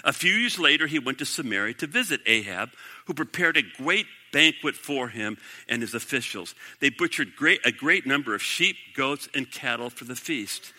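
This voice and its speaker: A man's voice: mid-range voice, sharp tone, big-room sound. A man preaching a sermon, reading scripture aloud and breaking off to comment, rising to emphatic declarations. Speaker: pastor.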